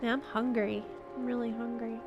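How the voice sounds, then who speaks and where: A woman streamer chatting casually and reacting out loud while she plays a video game. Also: on the high side, flat delivery, moderate pace, muffled recording, over music. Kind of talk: casual gameplay commentary.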